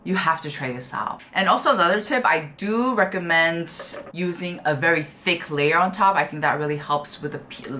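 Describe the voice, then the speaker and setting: A woman's voice: lowish voice, moderate pace, few pauses, bright, forceful tone, slight background noise. A young woman chatting casually to camera as she reviews skincare products, gushing and full of "you know" and "like". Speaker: beauty YouTuber.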